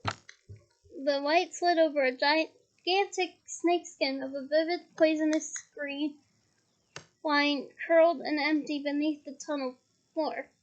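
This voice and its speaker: A woman reading a novel aloud in a steady storytelling manner with small restarts. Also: high voice, slow pace, highs cut off. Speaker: reader.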